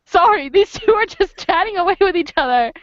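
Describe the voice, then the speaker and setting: Woman host, high voice, animated storyteller, dull dry recording. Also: brisk, no room sound. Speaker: podcast host. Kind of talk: casual chat. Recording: muffled lo-fi dry sound.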